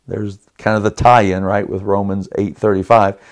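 A middle-aged man hosting a podcast, telling a personal story in an animated, dramatic way with chuckles and restarts. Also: fairly low pitch, moderate pace. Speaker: podcast host.

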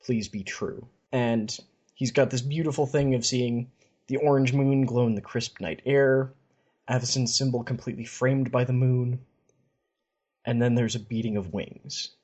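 A man's voice: medium pitch, steady tone, moderate pace, darkish tone, slightly rough, highs cut off. A man hosting a podcast, casually retelling fantasy stories in a chatty way and reading passages aloud. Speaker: podcast host. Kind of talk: casual story recap.

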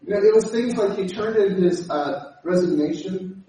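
A man preaching a sermon, animated and acting out the voices he quotes. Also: high voice, normal speed. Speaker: pastor. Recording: echoey hall from far off.

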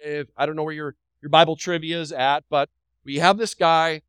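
A man's voice: fairly high pitch, fairly even intonation, normal speed, a bit bright, clean tone, no echo, poor audio. A pastor delivering a sermon to his congregation. He preaches emphatically, repeats phrases, asks the room questions and drops light joking asides.

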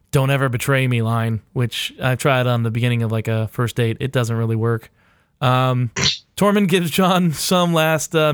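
A man's voice: mid-range voice, clean tone, no room sound, clean studio sound. Casual, profane male podcast host. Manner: loose and profane, many filler uhs. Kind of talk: casual chat.

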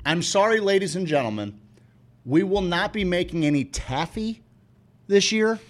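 Man, high voice, heated rant, constant swearing, casual podcast talk. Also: lively intonation, moderate pace. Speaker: podcast co-host.

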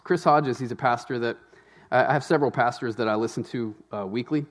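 A man, a pastor, preaching a sermon in a conversational, animated way with asides to the congregation. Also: medium pitch, a little fast.

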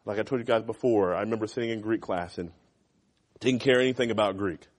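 A man who is a youth pastor, giving a sermon to teenagers in a church classroom. He talks in an animated, conversational way, swinging from loud emphasis to quiet asides. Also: fairly low pitch, quick pace.

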